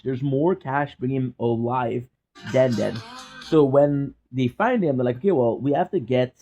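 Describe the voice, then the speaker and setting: Mellow French-accented man, rambling vlog. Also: mid-range voice, measured pace, soft background music. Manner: rambling, hesitant, full of filler sounds. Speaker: vlogger. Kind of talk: casual vlog chat and movie review. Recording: dull lo-fi recording.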